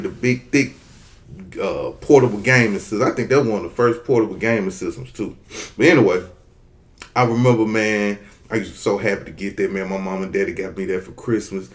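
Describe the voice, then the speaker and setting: A man in his thirties telling a childhood story in a casual, profane, animated way. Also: on the low side, brisk. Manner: animated, profane, acts out voices.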